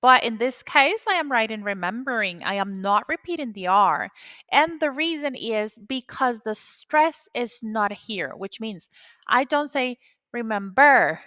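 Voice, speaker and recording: A woman's voice: fairly high pitch, expressive, a little slow, bright, forceful tone, no room sound. A woman whose first language is Spanish, patiently explaining an English grammar rule step by step, repeating key points. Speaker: English teacher. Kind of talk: grammar lesson.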